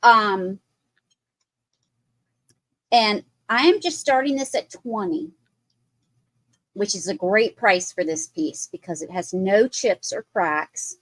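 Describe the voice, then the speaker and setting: A woman's voice: medium pitch, takes it slowly, long pauses, no echo. A woman hosting a live online sale, describing a piece of pottery in chatty detail. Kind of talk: live sales presentation.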